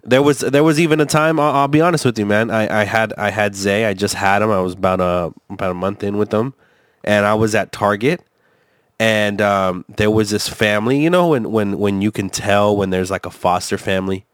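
A man's voice: on the low side, fairly quick, clear, resonant tone, no echo, clean studio sound. A man rambling through a casual podcast chat, swearing often and restarting his sentences with lots of fillers. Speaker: co-host reacting to a video.

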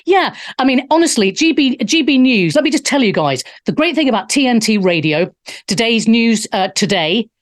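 A woman from England hosting a live talk show, brash, jokey and outspoken in her monologue. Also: fairly high pitch.

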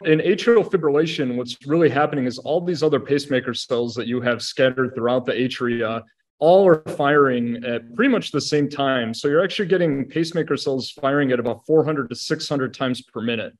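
A man, an assistant medical director, explaining heart rhythm treatment in an educational podcast discussion, steady and methodical with frequent "you know" fillers. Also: mid-range voice, a little fast.

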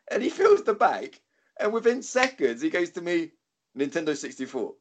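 Man, podcast co-host, lively up-and-down delivery, casual swearing, rambling anecdote. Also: on the high side, moderate pace. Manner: rambling, swears freely, animated quoting. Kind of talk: casual storytelling chat.

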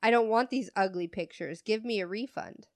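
A woman voicing a rude, demanding female customer who insists loudly and angrily. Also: mid-range voice, normal speed, dry recording, clean studio sound, lightly acted.

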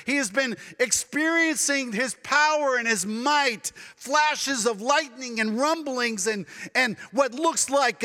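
High, bright-voiced preacher in a reverberant church. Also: male voice. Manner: dramatic preaching, acting out quoted voices. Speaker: pastor. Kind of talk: sermon. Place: church sanctuary.

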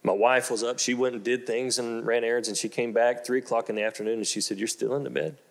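A preaching man telling a story. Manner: shifts from slow, low storytelling to loud, excited exclamations; repeats phrases for emphasis. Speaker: pastor. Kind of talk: storytelling sermon.

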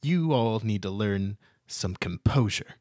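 A man's voice: fairly low pitch, animated, a little mellow, no echo, clean studio sound. A man voicing a prim, status-minded gnome mother at a fancy party, talking down to people and restarting his sentences often. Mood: condescending. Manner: condescending, halting with many restarts.

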